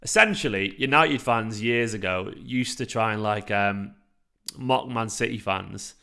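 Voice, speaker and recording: A young man, chatting casually to his live chat as a fan channel host, animated and full of fillers and restarts. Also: fairly low pitch, a little slow, creaky, smooth.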